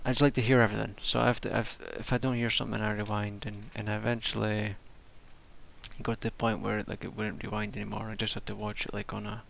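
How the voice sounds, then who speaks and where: A man's voice: lowish voice, flat delivery, fast, creaky, a bit bright, slight background noise. A tired man rambling casually through a wrestling show review, swearing and restarting his sentences. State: tired from staying up all night.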